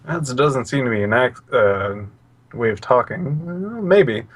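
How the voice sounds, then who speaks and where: A man's voice: medium pitch, sing-song, measured pace. A man describing his character's actions in a tabletop game, hesitant and chuckling. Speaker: player. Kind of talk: casual tabletop play.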